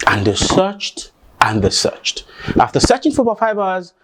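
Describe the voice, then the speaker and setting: A man's voice: sits high, huge pitch swings, moderate pace, noisy background. A man telling a family folk tale in a conversational way and then drawing its lesson. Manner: conversational, acts out voices, draws the lesson. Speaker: storyteller. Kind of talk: oral storytelling with a moral.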